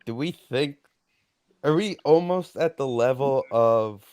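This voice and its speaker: A man on a casual sports podcast, talking things through in a measured, reasoning way. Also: mid-range voice, darkish tone, clean tone, no echo, studio quality.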